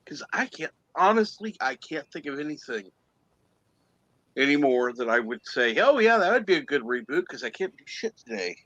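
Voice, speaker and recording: A man's voice: a little high, big pitch swings, moderate pace, a bit bright, dry recording, poor audio. A man chatting casually on an online call, rambling and trailing off as he thinks aloud. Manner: rambling, trailing off mid-thought. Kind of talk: casual chat.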